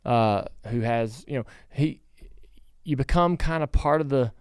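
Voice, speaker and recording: A man's voice: mid-range voice, measured pace, smooth, no echo, studio quality. A middle-aged man hosting a casual interview, asking rambling questions that break off and restart. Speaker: podcast host.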